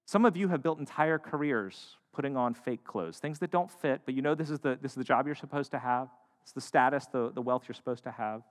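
A man delivering a sermon in a voice of average pitch. He pushes hard on emphatic phrases, then falls to hushed, soft lines. A long reverb hangs on his words, as in a large hall. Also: brisk. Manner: dynamic, swings from loud to hushed. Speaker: pastor.

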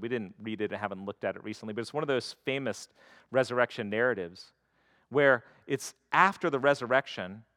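A man's voice: medium pitch, a bit bright, no room sound, studio quality. A man preaching a sermon in a conversational way, slipping into quoted voices to act out the stories. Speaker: pastor.

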